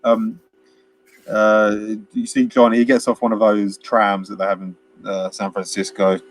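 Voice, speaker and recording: A man's voice: on the low side, monotone, unhurried, a little hiss or hum. A man co-hosting a casual film chat, rambling through scenes, laughing often and acting out bits of dialogue. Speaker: film podcast co-host.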